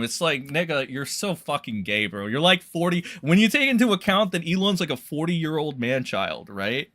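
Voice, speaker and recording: A man's voice: fairly high pitch, very animated, normal speed, few pauses, bright, forceful tone. A man streaming a rambling, profane and sarcastic rant to his viewers. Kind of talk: livestream rant.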